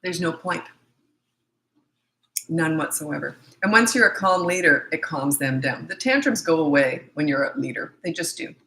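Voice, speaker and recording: Woman, middle-aged, parenting coach, live Q&A, emphatic, lowish pitch, echoey room. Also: animated, normal speed, pushed and bright. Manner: blunt, confident, emphatic. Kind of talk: live Q&A answering viewer questions.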